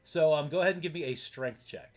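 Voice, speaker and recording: A man running an online tabletop game as game master, explaining rules in halting, rambling sentences full of fillers. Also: on the high side.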